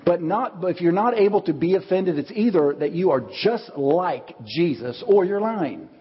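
A man preaching a sermon as pastor, telling stories with lively acted-out quotes. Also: high voice, moderate pace. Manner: animated storytelling, acts out quotes. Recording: dull audio with long hall reverb.

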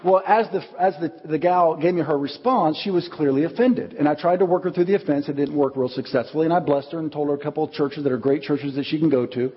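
A man preaching a sermon as pastor, telling stories with lively acted-out quotes. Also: on the high side, quick pace, hardly any pauses, husky. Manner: animated storytelling, acts out quotes. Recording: dull audio with long hall reverb.

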